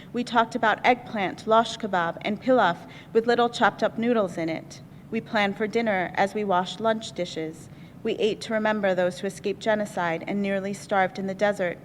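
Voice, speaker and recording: Woman reading memoir in echoey hall. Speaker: author giving a reading. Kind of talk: reading her own memoir aloud. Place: lecture hall on a college campus. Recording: echoey hall, faint rumble.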